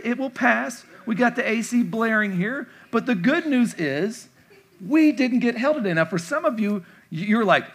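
A man's voice: sits high, very animated, moderate pace, a bit bright, slightly rough. A pastor delivering a conversational sermon, playfully acting out imagined replies from his listeners. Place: church sanctuary.

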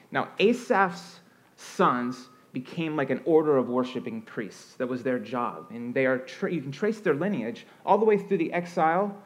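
A man preaching a sermon as pastor, earnest and expressive, rising and falling for emphasis, with a conversational flow and frequent restarts. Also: fairly high pitch.

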